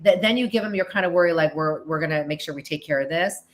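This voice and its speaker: A middle-aged American woman hosts a podcast, answering listener questions in a chatty monologue. She talks fast with few pauses in a lowish voice, restarting often and acting out little quoted lines.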